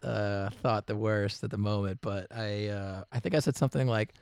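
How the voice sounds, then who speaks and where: Low-ish easygoing dude, lots of ums and laughs, dry mic. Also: male voice, steady tone, normal speed, gravelly, darkish tone, clean tone, no room sound. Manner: easygoing, laughs often, many fillers and restarts. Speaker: musician guest. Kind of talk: casual interview chat.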